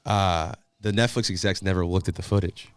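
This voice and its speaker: Fast-talking young man telling stories. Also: deep voice, steady tone, clear, resonant tone. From Massachusetts, USA. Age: young adult. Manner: rapid, run-on anecdotes with acted-out quotes. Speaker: podcast guest. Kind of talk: casual storytelling.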